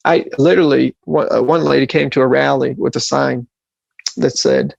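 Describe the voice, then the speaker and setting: A man's voice: mid-range voice, fairly even intonation, moderate pace, creaky, dry recording, highs cut off. A man speaking as an environmental justice activist, delivering an impassioned speech full of rhetorical questions that build to rousing emphasis.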